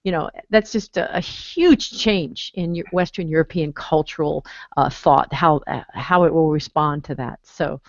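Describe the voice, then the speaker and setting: A woman music history teacher in a casual online chat, talking reflectively with halting restarts. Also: low voice, no room sound. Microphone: video call. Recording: dull lo-fi video call audio.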